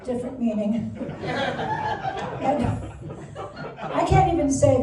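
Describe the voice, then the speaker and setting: Lively woman comic over a loud crowd. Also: a little high, moderate pace. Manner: lively, wrapping up her set. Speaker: stand-up comedian. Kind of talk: stand-up comedy set. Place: comedy club stage with live audience. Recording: very echoey distant club sound with loud crowd.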